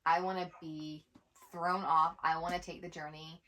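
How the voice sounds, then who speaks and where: Woman kinda low voice, rambly booktube chat, lots of "like", super casual. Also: level tone, moderate pace, pushed and bright, slight background noise. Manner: chatty, rambling, peppered with "like". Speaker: co-host of a twin sisters' book channel. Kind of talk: casual book haul chat.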